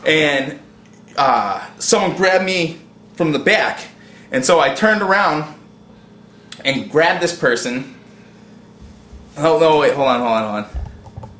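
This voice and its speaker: A man tells a rowdy story in a bright, sharp voice, cursing and saying "dude" again and again. His voice rings a little high for a man. The room around him is echoey. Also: slow pace, long pauses, slight background noise. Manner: excitable, profane, says "dude" constantly. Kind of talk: casual storytelling.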